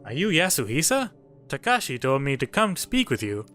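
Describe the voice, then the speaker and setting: A man's voice: on the high side, wildly swooping pitch, normal speed, sharp tone, full character voice. A man voicing a young woman detective in his own plain voice, reading her lines in a hesitant way, with faint game music behind. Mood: guarded.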